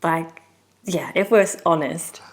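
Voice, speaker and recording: Young woman, relationship coach co-host, candid and heartfelt, quick to laugh. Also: low-pitched. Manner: open, heartfelt, laughs often. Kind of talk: casual podcast conversation.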